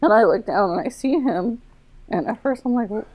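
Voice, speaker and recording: As an interview guest, a woman who was an Air Force medic recounts a personal story openly, rambling on with plenty of "like"s and acting out what people said. Her voice is on the high side, dark-toned and slightly rough, at a moderate pace, and the recording itself is rough.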